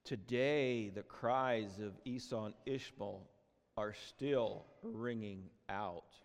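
A man preaching a sermon with emotion, often repeating and restarting words, shifting between loud cries and hushed tones. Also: lowish voice, slow. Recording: long hall reverb.

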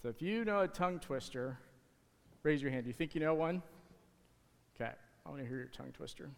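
A man's voice: fairly high pitch, creaky. Casual man with a hall-reverb sound. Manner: casual, halting, friendly with kids. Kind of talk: children's object lesson in church. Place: church sanctuary. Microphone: handheld or stage mic.

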